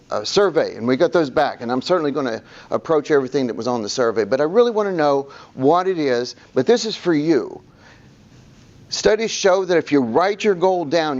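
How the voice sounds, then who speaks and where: Guy giving a speaking workshop, storyteller type, kinda high voice, muffled lo-fi audio. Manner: animated storyteller, acting out the people he quotes. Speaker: public speaking coach. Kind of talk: workshop presentation.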